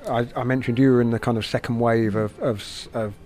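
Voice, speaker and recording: A male interviewer lays out background before each question in a measured, even manner. His voice sits at a plain middle pitch.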